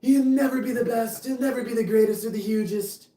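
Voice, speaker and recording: A man putting on a high, boastful impression of a famous politician who brags in superlatives. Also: fairly even intonation, a little fast, mellow, distant mic. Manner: bragging, superlative-heavy boasting. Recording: roomy, off-mic.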